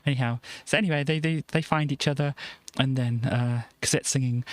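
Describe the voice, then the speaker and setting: A man's voice: mid-range voice, steady tone, a little fast, few pauses, dry recording. A man streamer chatting casually on a live stream, rambling with lots of restarts and giggles.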